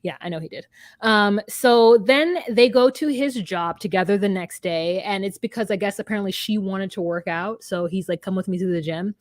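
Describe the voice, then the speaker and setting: A woman co-hosting a casual podcast chat, retelling reality-show scenes and acting out both people in quick voices. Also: medium pitch, no echo, clean studio sound.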